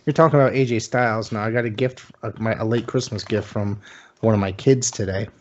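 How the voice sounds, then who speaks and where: A man's voice: on the low side, steady tone, fairly quick, a little mellow. A man co-hosting a casual podcast chat, easygoing and joking. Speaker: podcast co-host. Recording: lo-fi call audio with faint noise.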